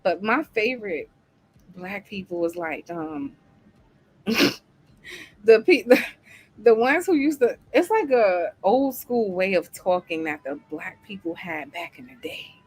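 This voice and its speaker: A woman hosting a casual chat, chatty and animated, often laughing. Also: medium pitch, slow pace. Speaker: host.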